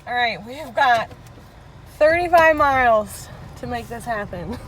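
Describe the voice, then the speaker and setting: A woman's voice: fairly high pitch, lively intonation, measured pace, fairly bright tone, recorded from a distance, slight background noise. A woman narrating a rescue outing to the camera in a chatty way, outdoors near a car. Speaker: animal rescuer.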